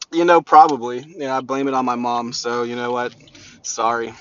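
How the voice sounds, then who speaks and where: A man's voice: mid-range voice, normal speed, a little hiss or hum. A man hosting a rambling solo motivational podcast, talking in a brash, profane way. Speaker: podcast host. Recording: dull lo-fi recording.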